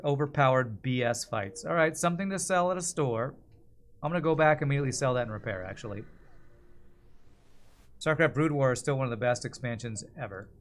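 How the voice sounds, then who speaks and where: A man streaming a strategy game, chatting casually and answering viewers' comments while he plays. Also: medium pitch. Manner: chatty, reads and answers chat while playing.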